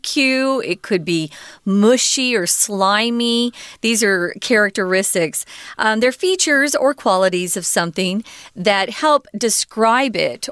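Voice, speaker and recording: A woman co-hosting an English lesson on the radio, explaining words carefully and slowing down on key terms. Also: mid-range voice, a bit bright, clear, resonant tone, dry recording, studio quality. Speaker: English teacher.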